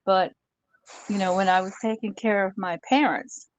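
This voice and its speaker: A woman telling a story in casual chat on a live stream, animated and laughing often as she goes. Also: mid-range voice, normal speed, rough recording.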